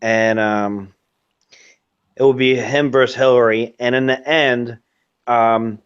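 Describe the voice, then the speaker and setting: A man's voice: mid-range voice, fairly even intonation, takes it slowly, clean tone, muffled recording. A man ranting in casual commentary as host of his own show, profane and rambling with lots of fillers. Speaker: host of a webcast.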